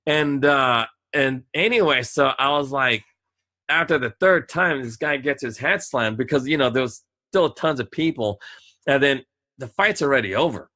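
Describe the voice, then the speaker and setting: Male podcast host, bright and forward tone, loose animated storytelling. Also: medium pitch, moderate pace. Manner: rambling, animated, acts out voices in quotes. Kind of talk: casual storytelling.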